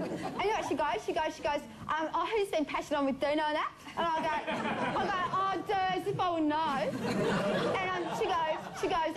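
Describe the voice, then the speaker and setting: Gossipy teen schoolgirl, high voice, rambling, loud audience. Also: very noisy. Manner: rambling, repeating herself, giggling. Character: gossipy teenage schoolgirl, giggly and scatterbrained. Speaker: comedy sketch performer.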